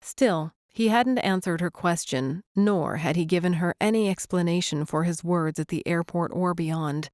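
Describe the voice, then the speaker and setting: A woman reading a romantic comedy audiobook in gentle, even narration. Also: on the low side, normal speed, few pauses, no room sound, studio quality. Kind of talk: scripted narration.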